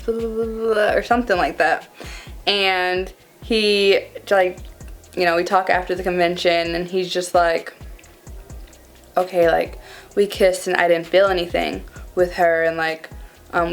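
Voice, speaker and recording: A young woman in her twenties telling a casual storytime to her viewers, dramatic and animated, calling them y'all. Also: lowish voice. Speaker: vlogger.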